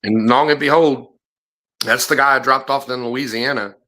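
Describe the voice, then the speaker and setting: A man's voice: medium pitch, fairly even intonation, normal speed, sharp tone. A middle-aged man, a former bounty hunter, telling profane stories on a podcast and acting out the people he quotes. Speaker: podcast host. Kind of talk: casual storytelling chat.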